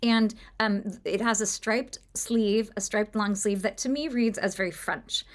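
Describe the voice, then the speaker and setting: A woman's voice: mid-range voice, unhurried. A woman hosting a book podcast, talking through a novel in a thoughtful, musing way with many fillers and restarts. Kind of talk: casual book discussion monologue.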